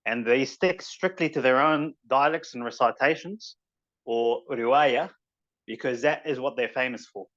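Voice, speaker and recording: A man's voice: medium pitch, unhurried, fairly bright tone. Man teaching tajweed on a muffled call. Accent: New Zealand. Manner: informal, rambling explanations with recited Arabic phrases. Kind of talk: online class teaching.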